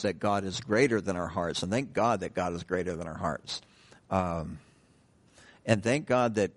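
A man preaching a sermon in a conversational way, with joking asides and stressed key words. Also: on the low side.

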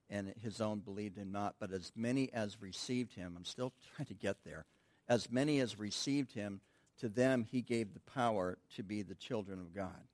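A man's voice: on the low side, no room sound. A man teaching a midweek Bible study in a conversational, informal way, asking the room questions and answering them himself.

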